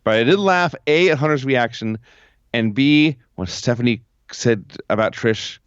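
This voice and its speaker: A man's voice: mid-range voice, normal speed, clear, resonant tone, no room sound. Casting: male podcast co-host, dry recapper, dull muffled line, close dry sound. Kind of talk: casual recap chat. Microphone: remote call from home.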